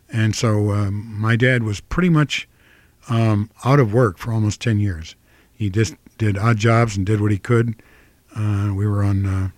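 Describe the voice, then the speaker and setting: Older Midwestern man, low, halting. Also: no echo. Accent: flat Midwestern American. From Ohio, US Midwest. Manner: hesitant, many fillers and restarts. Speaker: actor, interview guest. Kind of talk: reflective interview answers.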